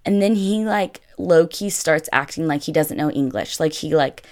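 A woman's voice: sits low, moderate pace, hardly any pauses, darkish tone. A young woman telling a travel story in a chatty vlog, filling her talk with constant "like". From United States. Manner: chatty, filler-heavy with constant "like". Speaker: vlogger. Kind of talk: casual storytelling.

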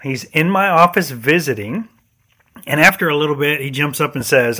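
A man from Michigan, USA, hosts a faith and leadership podcast, earnestly sharing personal stories with occasional restarts. His voice is fairly high, animated, pushed, and bright, at a normal speed.

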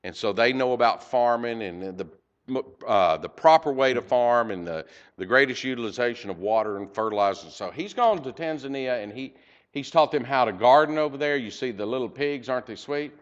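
A man's voice: medium pitch, lively intonation, lo-fi sound. Emotional man telling a church story. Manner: halting, emotional, many fillers. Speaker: church member giving a mission report. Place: church sanctuary.

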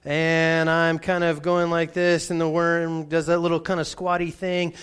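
A man's voice: on the high side, completely flat delivery, unhurried, fairly bright tone, clean tone. A man who is a pastor, preaching in a conversational way and often repeating words as he restarts. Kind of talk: sermon with a personal story.

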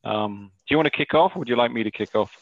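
A man's voice: mid-range voice, fast, no room sound, highs cut off. A man with a Northern English accent talking reflectively as a coach, hesitant and full of restarts. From Northeast England. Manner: hesitant, many restarts and fillers. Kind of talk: reflective conversation.

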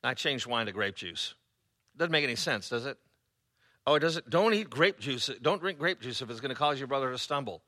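A man preaching a sermon as pastor, conversational and sarcastic, often pausing on fillers. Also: medium pitch, lively intonation, bright, forceful tone.

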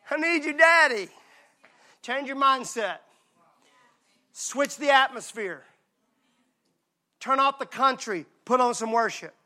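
A pastor with a forceful, bright, high voice gives a sermon. He preaches with emphasis, going quiet and intimate before building up to shouting.

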